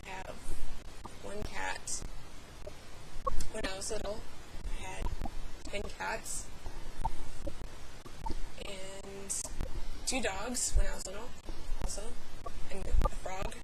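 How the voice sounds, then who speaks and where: A young woman talks to her camera in her bedroom, rambling nervously with many fillers and restarts. Her pitch sits in a middle range. The recording is buried in loud hiss and crackle from a bad file conversion. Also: level tone, slow, creaky, long pauses. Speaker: vlogger. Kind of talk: rambling personal vlog. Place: bedroom at home.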